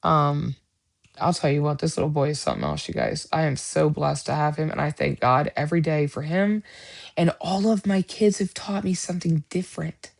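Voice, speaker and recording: A woman's voice: low-pitched, animated, moderate pace, creaky. A middle-aged woman hosting a livestream Bible study, talking in an earnest, rambling casual chat with many fillers.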